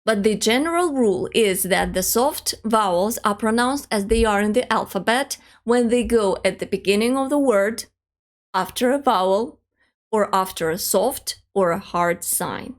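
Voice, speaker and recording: A woman teaching an online language lesson, demonstrating pronunciation slowly and carefully. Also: medium pitch, lively intonation.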